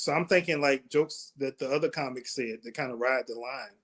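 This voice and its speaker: A man who is a comedian, talking as a guest in a casual interview and telling animated stories that act out quotes in a raised voice. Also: medium pitch, brisk, few pauses.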